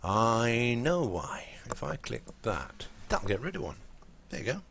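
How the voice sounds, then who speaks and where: A man's voice: medium pitch, huge pitch swings, normal speed, vocal fry, fairly bright tone, slight background noise. A man from England with an English accent, rambling casually to his chat while streaming a life-sim game. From Lincolnshire, England. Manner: rambling, chatty, talks to viewers in chat. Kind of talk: casual live-stream commentary.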